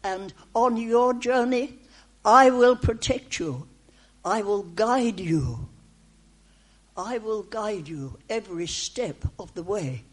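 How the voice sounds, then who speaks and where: Woman, prophetic speech, unhurried, measured, reassuring, repeats short phrases. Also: medium pitch, animated. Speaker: speaker delivering a prophetic message. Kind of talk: prophetic speech in the first person as God.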